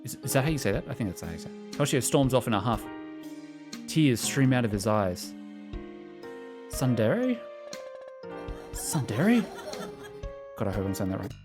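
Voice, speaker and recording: A man's voice: medium pitch, very animated, normal speed, pauses often. A young man casually commenting while streaming a visual novel, chatty and joking. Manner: jokey, chatty, laughing often. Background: music.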